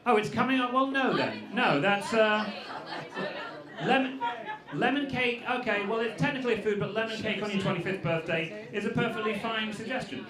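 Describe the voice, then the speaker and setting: A man's voice: high-pitched, moderate pace. A male comedian and freestyle rapper working the crowd on stage, talking in a wry, chatty way with a laugh in his voice. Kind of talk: stand-up crowd work. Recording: roomy live venue with crowd. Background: audience voices.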